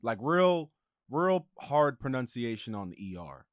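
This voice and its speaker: A young man guesting on a casual podcast, his pitch swinging widely as he talks. He laughs easily and trips over his starts, recorded close and dry. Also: a little slow, no room sound. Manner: animated, laughs easily, trails off into restarts.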